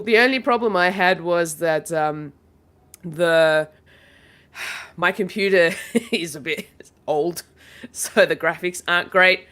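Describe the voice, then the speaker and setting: A woman chatting on a gaming podcast, her voice congested from a cold. She talks in a smooth, resonant tone and rambles with plenty of fillers. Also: low voice, a bit bright. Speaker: podcast co-host. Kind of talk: casual chat.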